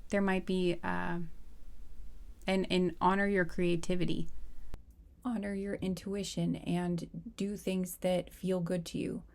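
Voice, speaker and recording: A woman's voice: on the low side, little pitch movement, takes it slowly, creaky, darkish tone. A woman giving a casual pick-a-card tarot reading to her viewers, chatty and earnest, with many fillers and restarts.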